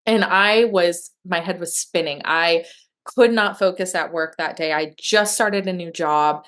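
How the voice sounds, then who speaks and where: A woman with a low-ish, fairly bright voice and fairly even intonation speaks at a moderate pace. Sharing her adoption story as a guest in a conversational interview, she's candid and emotional, and her speech is full of fillers and restarts.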